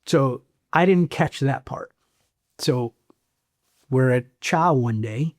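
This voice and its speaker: A middle-aged man from Chicago, a former Marine sergeant, telling a story in a blunt, animated way. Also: mid-range voice, takes it slowly. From South Side of Chicago, US. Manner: animated, blunt, acts out quoted voices. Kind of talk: casual storytelling interview.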